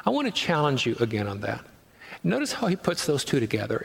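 A man's voice: mid-range voice, wildly swooping pitch, quick pace, gravelly. A man preaching a sermon as pastor, conversational, with rhetorical questions and acted-out quotes. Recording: long hall reverb.

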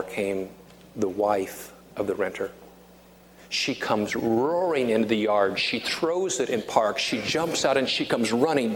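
A man in his fifties preaching a sermon as a pastor, emphatic, repeating key phrases and slowing down to stress them. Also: on the low side. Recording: reverberant hall with faint noise.

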